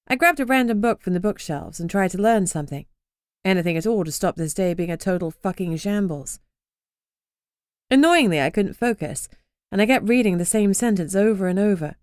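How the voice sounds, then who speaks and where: A woman's voice: lowish voice, no room sound, clean studio sound. A woman narrating a first-person urban fantasy audiobook in a wry, sardonic way.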